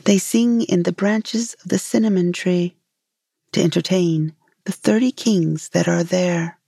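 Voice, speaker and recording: A gentle moon fairy pleads in a lyrical, unhurried voice, as a woman reading the tale gives her lines. Her tone is low and slightly husky with a mellow warmth, in a dry close recording. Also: no echo, heavily acted. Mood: chanting.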